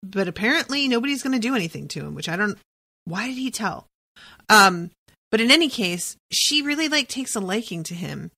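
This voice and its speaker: A woman's voice: mid-range voice, sing-song, fairly quick, pushed and bright. A woman hosting a podcast, recapping a TV episode in casual, profane chat and thinking aloud with lots of "like"s.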